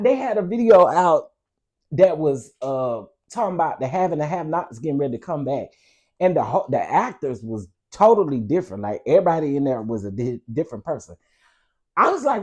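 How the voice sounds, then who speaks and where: Animated man hosting a live stream. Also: mid-range voice. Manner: animated, preachy, addresses viewers as y'all. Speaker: host. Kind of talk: casual live-stream chat.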